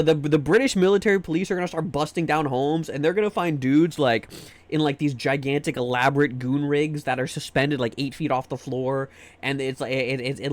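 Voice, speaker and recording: A young American man ranting casually on a livestream, rambling and profane, repeating words as he restarts sentences. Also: medium pitch. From United States. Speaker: livestream host. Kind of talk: casual stream chat.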